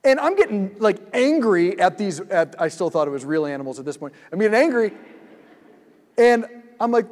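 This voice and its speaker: At a multi-night church event, a man preaches a sermon built on stories, animatedly acting out his own thoughts. His voice is extremely high and fairly quick, with a big-room sound.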